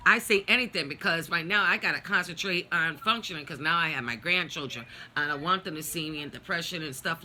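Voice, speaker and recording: Middle-aged woman, bright edgy voice, heated and foul-mouthed storytelling to camera. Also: on the low side. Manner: blunt, profane, heated venting. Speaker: vlogger. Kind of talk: personal storytime rant.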